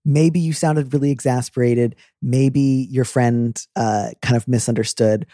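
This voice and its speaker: A man's voice: medium pitch, steady tone, dark tone, dry recording, clean studio sound. A man hosting an advice show in a casual, joking chat. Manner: playful, joking, quick asides. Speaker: advice podcast host.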